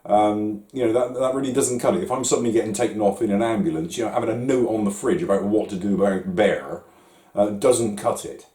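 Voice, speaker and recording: Hesitant man, very low voice. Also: a little fast, dark tone. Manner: hesitant, many restarts and fillers. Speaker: vlogger. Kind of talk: reflective talk to camera. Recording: roomy echo.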